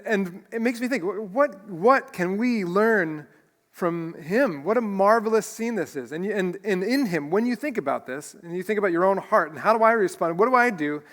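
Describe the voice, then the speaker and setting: A man's voice: sits high, fairly bright tone, long reverb tail. A man preaching a sermon as pastor, earnest and emotional, often restarting his phrases. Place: church sanctuary.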